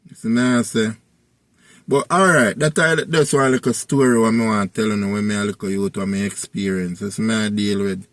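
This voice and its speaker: A man's voice: fairly low pitch, steady tone, a little fast, fairly bright tone, no room sound. A man with a Jamaican accent telling a personal story in a casual, rambling way and coming back again and again to the same tag phrases. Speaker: vlogger.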